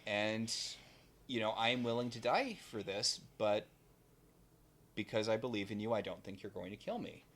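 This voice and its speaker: Man playing a soft-spoken, loving father. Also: fairly low pitch, moderate pace. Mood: earnest. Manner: soft, earnest, reassuring. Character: calm, loving father, middle-aged man.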